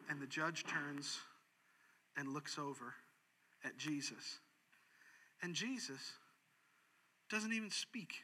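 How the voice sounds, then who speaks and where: Male pastor, high voice, animated sermon delivery with sharp dynamics. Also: breathy edge. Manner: animated, swings from loud to hushed.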